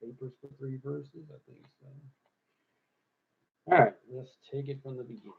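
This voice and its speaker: A man writing rap lyrics aloud, rapping short lines and then muttering quietly to himself between them. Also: medium pitch, steady tone, moderate pace, gravelly, pauses often, noisy background. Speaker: rapper. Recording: tinny phone-like recording.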